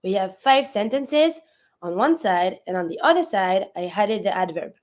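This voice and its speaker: A woman's voice: mid-range voice, sing-song. A woman teaching a language lesson, whose first language is French, explaining patiently and repeating each word for practice. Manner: patient, slow-paced explanation, repeats words for drill.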